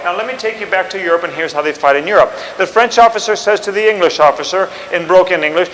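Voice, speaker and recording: A man telling a history story in an animated way, acting out scenes and commands. The sound has a long reverb. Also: sits high, quick pace, few pauses.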